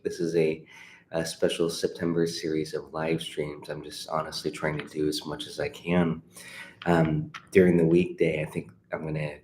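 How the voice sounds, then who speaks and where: A man's voice: extremely low pitch, darkish tone. A middle-aged man teaching a livestream guitar lesson, chatty and encouraging, with many fillers and restarts. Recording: echoey room with faint noise.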